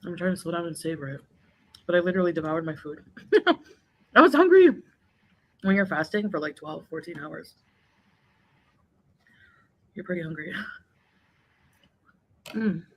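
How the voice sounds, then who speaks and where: A woman's voice: lowish voice, animated, measured pace, pauses often, rough recording. A woman chatting casually in a vlog while eating, rambling and laughing often. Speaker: vlogger.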